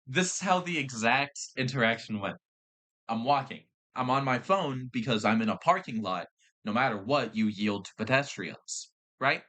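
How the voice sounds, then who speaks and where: A man's voice: mid-range voice, a bit bright. A young man hosting a podcast, telling stories in a casual, exasperated rant with swearing and restarts. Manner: exasperated ranting with profanity and restarts. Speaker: podcast host. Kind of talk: casual storytelling chat.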